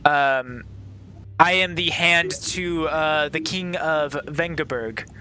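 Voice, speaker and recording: A man voicing a formal male royal advisor in a tabletop game, introducing himself with pauses. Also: on the high side, pushed and bright, slight background noise.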